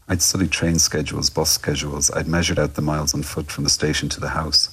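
Irish male guest writer, reflective reader, very deep and husky. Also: flat delivery, a bit bright, rough recording. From Ireland. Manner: reflective and measured. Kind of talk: reading his own personal story aloud.

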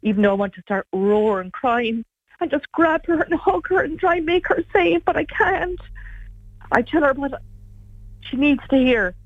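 A middle-aged woman giving an earnest, halting personal account in an interview. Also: sits high, expressive, dry recording. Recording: dry tinny phone-like sound.

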